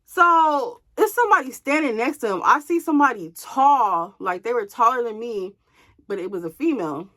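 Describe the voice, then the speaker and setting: A woman vlogger telling a personal story to her viewers in an animated, casual way, swearing freely. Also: on the high side, moderate pace.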